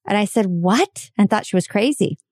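A woman who hosts her own show, chatting casually as a guest and telling a story in an animated, self-deprecating way. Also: mid-range voice, moderate pace, dry recording, studio quality. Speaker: podcast host and guest. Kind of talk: casual chat.

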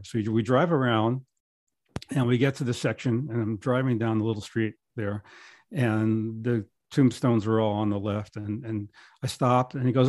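A man's voice: medium pitch, moderate pace, a little mellow, dry recording, clean studio sound. A middle-aged man, a podcast guest, telling rambling anecdotes casually with many restarts. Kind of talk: casual storytelling.

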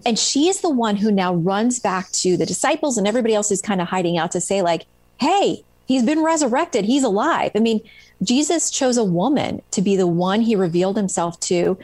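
A woman's voice: medium pitch, a little mellow, no echo. A woman author retelling stories from her book in a casual interview, with many ums and restarts. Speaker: author guest.

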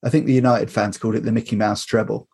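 Husky, chatty man. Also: fairly low pitch, level tone, fast, a little mellow. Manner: chatty, laughs often, many fillers and restarts. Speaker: podcast guest. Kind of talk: casual chat.

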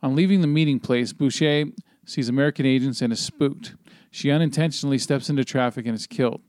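A man's voice: mid-range voice, brisk, a little mellow, no room sound. A man hosting a podcast, recapping a film plot in a loose, rambling way, full of fillers and casual swearing. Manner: rambling with many ums and swearing, reading a plot summary. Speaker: podcast host.

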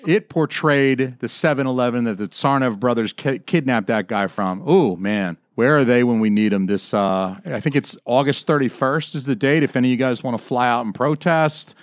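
A man's voice: mid-range voice, moderate pace, hardly any pauses, no room sound, clean studio sound. Male comedy podcast host from the South, crude rambling jokes. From Atlanta, US South. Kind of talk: casual comedic panel chat.

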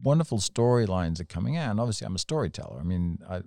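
A man with a very low, dark, mellow voice, telling long rambling stories in a podcast chat. He talks up close on a dry mic. He is animated and laughs often as he goes. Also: quick pace, creaky, dry recording. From England. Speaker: storyteller, podcast guest. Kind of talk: casual anecdotal storytelling.

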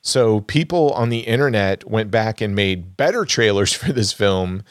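A man's voice: on the low side, animated, measured pace, dry recording, clean studio sound. A man co-hosting a podcast, chatting casually about films and thinking aloud as he goes. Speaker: podcast co-host. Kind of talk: casual movie chat.

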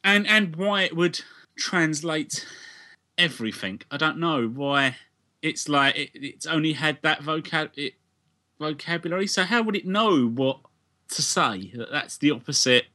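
A man's voice: on the high side, lively intonation, unhurried, pushed and bright. A British man co-hosting a podcast, casually picking apart a plot and asking questions. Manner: analytical, questioning. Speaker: podcast co-host. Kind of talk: casual review chat.

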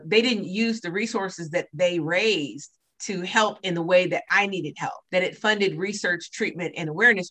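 A woman with a lowish voice and a bright, forceful edge tells her story as an interview guest. She talks casually and animatedly, slipping into the voices of people she quotes. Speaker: guest, breast cancer survivor; church minister.

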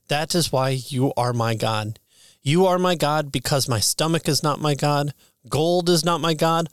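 A man reading an ancient sermon aloud in a measured way, slowing down to stress key phrases. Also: a little high, no room sound, clean studio sound. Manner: measured, with slow emphatic phrases. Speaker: sermon reader.

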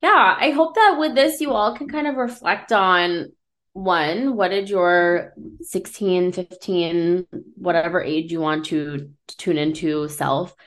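A woman's voice: fairly low pitch, takes it slowly, fairly bright tone. A young woman co-hosting a podcast in candid, casual chat, talking freely with lots of "like" and frequent laughter. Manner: chatty, peppered with "like", often laughing. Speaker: podcast co-host.

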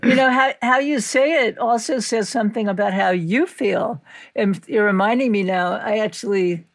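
A woman's voice: medium pitch, normal speed, no room sound, clean studio sound. A woman, a linguistics professor, speaking as a podcast guest in a thoughtful, conversational way and laughing often. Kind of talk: conversational interview.

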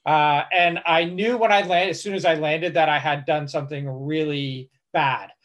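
A man's voice: fairly high pitch, normal speed. Man telling a travel story. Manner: animated, many restarts and fillers. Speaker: travel blogger guest. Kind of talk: conversational storytelling.

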